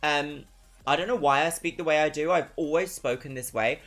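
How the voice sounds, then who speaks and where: A streamer from Brighton with a southern English accent, chatting casually and reading out viewer messages, swinging between perky greetings and dry asides. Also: medium pitch, moderate pace, faint music behind. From Brighton, England. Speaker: livestreamer.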